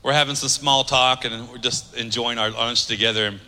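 A man preaching a sermon, driving points home with emphatic repetition and easing into softer storytelling. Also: mid-range voice, fairly even intonation, moderate pace, long reverb tail. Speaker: pastor.

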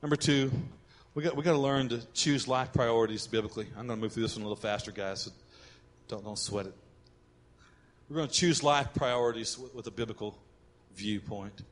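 A middle-aged man preaching a sermon as pastor, animated and acting out quoted voices, in a church sanctuary. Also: medium pitch, fairly quick. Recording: long hall reverb.

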